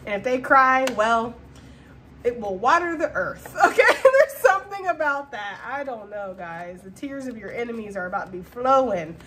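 A woman's voice: a little high, moderate pace, a little hiss or hum. Chatty woman doing a tarot reading. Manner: chatty, slangy, animated, breaks into laughter. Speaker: tarot reader. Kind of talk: casual tarot reading to camera.

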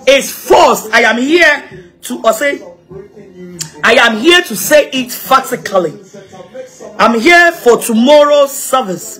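A Ghanaian woman evangelist giving an impassioned, animated address, repeating herself and laughing between points. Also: fairly high pitch. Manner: animated, repetitive, mixing local-language phrases, laughing asides. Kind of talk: impassioned social media address.

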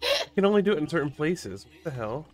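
A gaming partner giving quick instructions and dry jokes in a casual co-op session. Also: medium pitch, very animated.

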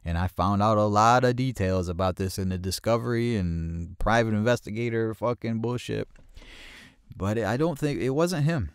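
A man with a low voice tells a personal story in a casual, profane, streetwise way. He breaks into loud acted-out voices of the people involved. The recording is close and dry, with no room sound. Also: moderate pace, clear, resonant tone, no echo. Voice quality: heavy swearing, acts out quoted voices loudly. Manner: blunt, streetwise, animated retelling. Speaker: podcast host telling a personal story.

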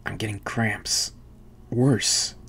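A man's voice: on the low side, normal speed, lightly acted. A man reading a dazed, starving crewman. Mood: pained. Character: male spaceship crewman, dazed, ravenous.

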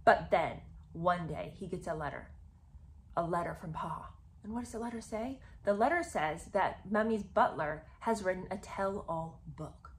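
This is a woman running a chatty video commentary on a book. Her tone is sarcastic and animated, with plenty of asides that pull the listener in. She talks like she's sharing gossip with friends. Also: fairly low pitch, normal speed, a little hiss or hum. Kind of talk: casual book commentary with read-aloud passages.

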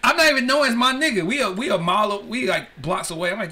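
A man's voice: sits high, very fast, very noisy. A man hosting a podcast, chatting casually and profanely with short agreements. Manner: laid-back, frequent short agreements, profane. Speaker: podcast host. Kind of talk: casual chat.

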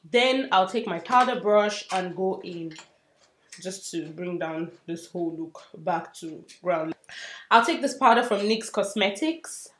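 A young woman doing a casual makeup tutorial, chatty and self-mocking, dropping to soft murmurs as she works. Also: medium pitch. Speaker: beauty vlogger. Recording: roomy echo, faint hiss.

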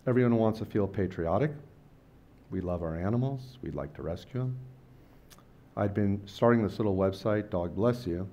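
A middle-aged man with a fairly low voice tells stories to a live audience at a lecture night. His talk is loose and rambling and full of slang. When he quotes someone he jumps up in pitch and volume. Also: moderate pace, dark tone, highs cut off, a little hiss or hum. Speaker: lecture speaker. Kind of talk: casual storytelling talk.

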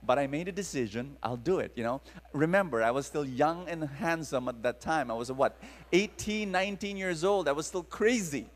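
A man's voice: a little high, moderate pace. A man with a Filipino accent preaching to a live audience, telling stories dramatically and calling on the crowd to respond. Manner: animated, dramatic storyteller engaging the crowd. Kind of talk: storytelling sermon to a live audience. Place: large hall with long reverb. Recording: live talk in reverberant hall.

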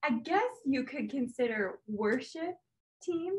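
Woman podcast co-host, slightly high voice, easygoing, reads out questions. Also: animated, slow pace, a little mellow, poor audio. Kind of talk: casual chat.

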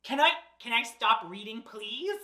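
Woman, storytime host; slow, animated read-aloud with mock outrage, echoey room. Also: on the high side. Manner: playful, mock-exasperated, theatrical. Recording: roomy echo.

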